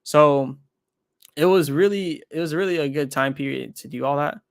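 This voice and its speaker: A man's voice: a little high, normal speed, creaky, no echo. Casual rambling man, dry close sound. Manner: rambling, self-correcting, thinks aloud while trading. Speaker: crypto trading streamer. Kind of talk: casual livestream chat.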